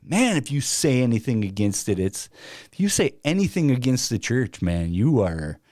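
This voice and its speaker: A man hosting a reaction video, talking in a slow, hesitant way with many fillers and restarts. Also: medium pitch, sing-song, a little mellow, dry recording, studio quality. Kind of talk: casual commentary.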